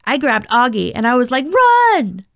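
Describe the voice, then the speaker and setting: A woman voicing an excitable boy who talks loudly and eagerly, pitched higher than her narration. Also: fairly quick, no echo, studio quality. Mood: excited.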